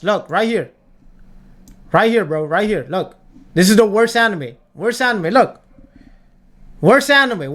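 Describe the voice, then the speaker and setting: Talking to a live chat, this young adult streamer rants through a tier list, repeating points with heavy emphasis and cursing often. Pitch sits in the middle, and the tone is slightly bright.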